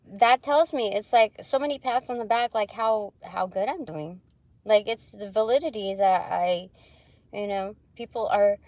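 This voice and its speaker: A woman's voice: mid-range voice, darkish tone, no echo. A woman hosting a casual spiritual live stream, rambling with many fillers and frequent giggles. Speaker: spiritual livestream host. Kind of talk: casual live tarot chat.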